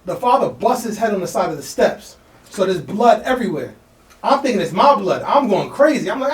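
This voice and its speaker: A man co-hosting a podcast, telling a story in a fast, slangy, animated way and acting out the voices of people in it. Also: high-pitched. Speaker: podcast co-host. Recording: echoey room, mic at a distance.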